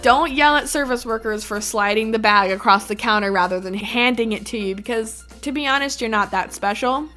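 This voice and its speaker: Young woman, vlogger, casual storytelling, animated, laughs often, bright tone. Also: on the high side, a little fast, few pauses, soft background music. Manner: animated, with frequent laughs and filler "like".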